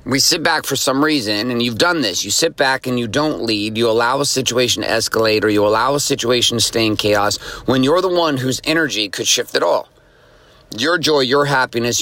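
A man's voice: mid-range voice, brisk, pushed and bright, dry recording. A man hosting a daily motivational podcast, speaking emphatically and repeating key phrases for effect. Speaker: podcast host. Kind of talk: motivational monologue.

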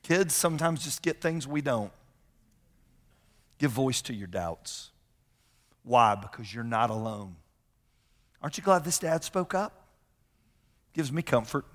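A man's voice: mid-range voice, animated, a little slow, long pauses. A middle-aged man preaching a sermon as a pastor, emphatic, repeating key phrases and telling personal stories. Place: large church sanctuary. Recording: long hall reverb from sanctuary.

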